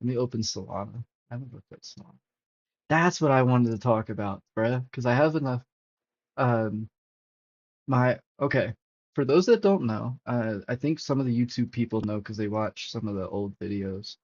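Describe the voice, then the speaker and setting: Man, crypto livestream host, casual chart talk, swears a lot, husky, muffled stream sound. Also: mid-range voice, moderate pace. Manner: profane, excitable, talks to chat. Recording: dull lo-fi stream audio.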